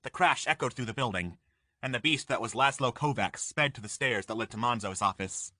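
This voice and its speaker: A man narrating an audiobook in measured storytelling, recorded on a studio microphone. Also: mid-range voice, pushed and bright, no echo. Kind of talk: scripted narration.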